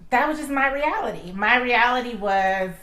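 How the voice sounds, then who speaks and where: A woman's voice: a little high, lively intonation, moderate pace, sharp tone, echoey room, poor audio. A woman guest telling her own love story, acting out quoted dialogue with laughs. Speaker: interview guest.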